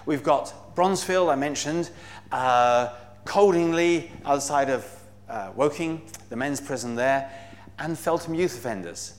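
A man speaks to a church gathering on behalf of a Bible society, earnest and eager. His voice sits a touch high and moves along with many small fillers and cries of praise. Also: unhurried. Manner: earnest, enthusiastic, with frequent fillers and exclamations of praise. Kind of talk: talk to a church congregation.

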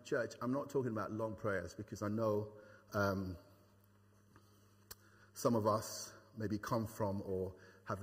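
A man's voice: fairly low pitch, breathy edge. A man preaching a sermon to his church, conversational and earnest, with frequent fillers and repeated phrases. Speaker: pastor. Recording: long reverb of a hall.

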